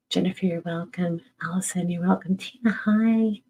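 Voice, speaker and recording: A woman's voice: on the low side, fairly even intonation, normal speed, hardly any pauses, warm tone, lo-fi sound, a little hiss or hum. A middle-aged woman, a medium, answering viewer questions in a candid, casual live-stream chat, swearing freely and laughing at herself.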